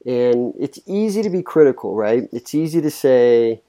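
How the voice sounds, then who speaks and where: A male host talks reflectively with a mellow, warm tone. He often repeats words as he starts his sentences. His voice sits at a middle pitch. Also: animated, moderate pace. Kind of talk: interview chat.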